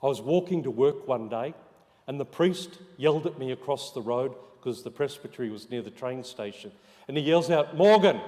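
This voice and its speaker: A man, a parish priest giving a homily, telling stories and dropping to soft hushed emphasis. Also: mid-range voice. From Australia. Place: church. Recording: long church reverb.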